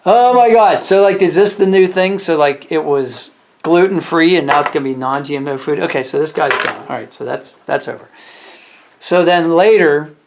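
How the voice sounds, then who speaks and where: A man, a restaurant waiter, telling stories from his shift in a rambling, casual way, full of fillers and growing animated. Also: a little high, moderate pace, slight background noise. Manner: rambling, filler-heavy retelling that grows animated. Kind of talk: casual storytelling vlog.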